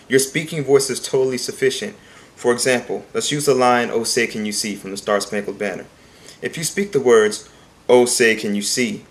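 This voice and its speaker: Male vocal coach, mid-range voice, earnest and emphatic teaching delivery. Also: medium pitch. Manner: talks plainly and sings short demonstration phrases; earnest, repeats points for emphasis. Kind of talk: singing lesson.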